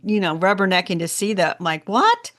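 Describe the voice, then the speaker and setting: A woman from Indiana co-hosting a casual gardening podcast, telling stories in a chatty, animated way. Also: lowish voice, quick pace. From Indiana, USA. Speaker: podcast co-host.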